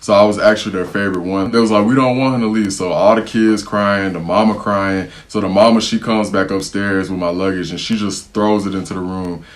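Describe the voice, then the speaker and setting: Deep-voiced young American man storytelling. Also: brisk, hardly any pauses. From United States. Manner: animated, slangy, acts out what others said. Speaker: vlogger telling a travel story. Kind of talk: casual storytelling to camera.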